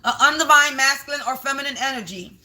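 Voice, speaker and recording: Bright high-voiced woman livestreaming. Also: fast talker. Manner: emphatic, repetitive, talks straight to viewers. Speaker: spiritual reader livestreaming. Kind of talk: casual livestream card reading. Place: home.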